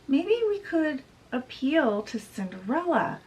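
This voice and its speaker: A woman's voice: sits high, big pitch swings, slow, a little mellow, pitched above the performer's own voice, heavily acted. Timid young stepsister voiced by a woman, light, hopeful, pleading, slightly distant mic.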